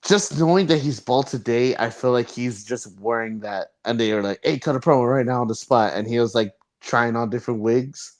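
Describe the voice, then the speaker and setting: A man's voice: medium pitch, brisk, few pauses. A man co-hosting a podcast in loose casual chat, swearing and bantering. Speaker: podcast co-host.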